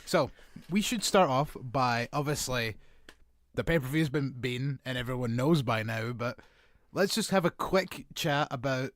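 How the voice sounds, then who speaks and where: A man's voice: mid-range voice, expressive, unhurried, fairly bright tone, no echo. A man co-hosting a podcast in loose, rambling casual chat, laughing easily. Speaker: podcast co-host.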